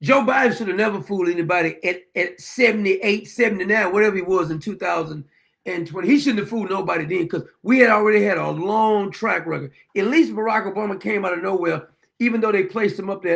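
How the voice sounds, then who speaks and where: Gravelly, combative male talk-show host. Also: sits high, fast, a bit bright. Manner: blunt and combative, swears freely. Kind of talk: opinionated political monologue.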